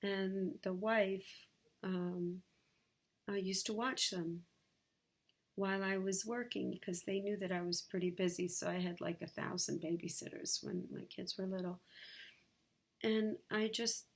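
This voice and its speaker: A woman vlogging from her sunlit bedroom, sharing a personal story in a candid, halting way with many fillers. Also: mid-range voice, fairly even intonation.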